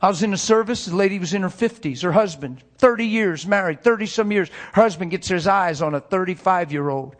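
A man preaching a sermon, telling a story that swings from hushed, soft passages to loud, straining, emotional preaching. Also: sits high, a little fast, hardly any pauses.

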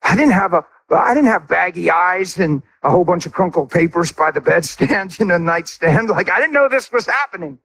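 A man's voice: high-pitched, lively intonation, moderate pace, gravelly, hardly any pauses, a bit bright, poor audio. A middle-aged man preaching a sermon as a pastor, telling a personal story with emotion and speaking straight to his congregation.

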